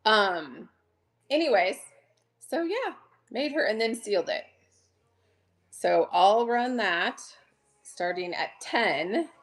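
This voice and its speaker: A middle-aged woman hosting a chatty live selling stream, bubbly and greeting viewers by name with excited gasps. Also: medium pitch, slow, pauses often.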